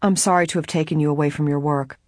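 A reader voicing a sheepish young woman friend, apologetic, in a husky voice. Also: low-pitched, steady tone, fast, a little mellow, dry recording, clean studio sound.

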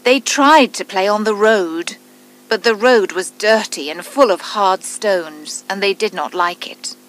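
Unhurried woman reading a storybook. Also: mid-range voice, soft background music, low-quality recording. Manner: calm, deliberate, clearly spaced reading. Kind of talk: reading a children's story aloud.

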